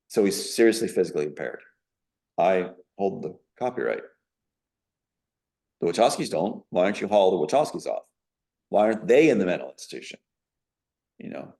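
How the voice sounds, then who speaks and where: Guy on an interview, kinda low voice, going on and on all worked up, lots of ums and uhs. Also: a little mellow. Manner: emphatic, indignant, with frequent fillers. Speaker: interview guest. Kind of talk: rambling personal account in an interview.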